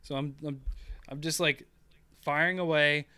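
A man's voice: a little high, steady tone, a little slow, pushed and bright, clear, resonant tone, dry recording. A man chatting casually on a gaming podcast, rambling through stories with lots of fillers and restarts. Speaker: podcast co-host.

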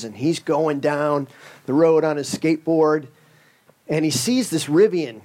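A man delivers a sermon in a relaxed, conversational manner, his voice sitting a little higher than most men's. He works a funny story in, with joking asides throughout. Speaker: preacher.

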